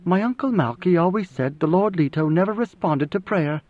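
A man's voice: high voice, animated, moderate pace, narrow, tinny audio, voice pushed up. A man reading a young woman's lines in a slightly raised voice, earnest and restrained. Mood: lilting.

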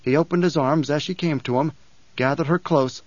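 A man's voice: a little high, no echo. Man reading an audiobook, dull dry sound. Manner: measured, dramatic reading. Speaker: narrator. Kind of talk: audiobook narration.

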